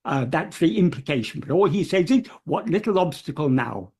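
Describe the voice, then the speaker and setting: A speaker giving a careful, word-by-word explanation, pausing often with fillers and gently repeating key terms. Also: mid-range voice, animated, breathy edge. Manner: hesitant, many pauses and fillers, gentle repetition of terms. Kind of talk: slow, careful explanatory talk.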